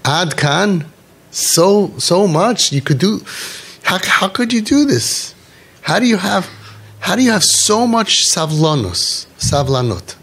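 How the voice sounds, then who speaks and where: A man's voice: mid-range voice, expressive, measured pace, hardly any pauses, breathy edge. A man voicing a young grandson who asks his grandfather incredulous, pleading questions. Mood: amazed.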